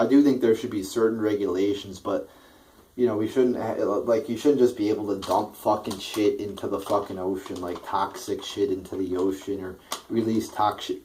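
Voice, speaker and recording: A man's voice: fairly low pitch, darkish tone, slight background noise, low-quality recording. A man delivering a blunt, profane political rant, rambling with many restarts. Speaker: political vlogger.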